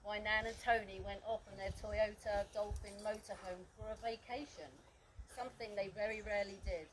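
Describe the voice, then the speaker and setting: A woman's voice: mid-range voice, fairly even intonation, brisk. A woman reading a eulogy for a friend, telling fond stories and often breaking into laughter. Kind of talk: reading a memorial speech. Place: memorial gathering. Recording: noisy background.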